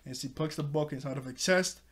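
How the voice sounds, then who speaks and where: A man's voice: fairly high pitch, a little fast. A young man casually recapping a cartoon episode, rambling and correcting himself as he goes. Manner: rambling, self-correcting, chuckles often. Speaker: TV episode reviewer.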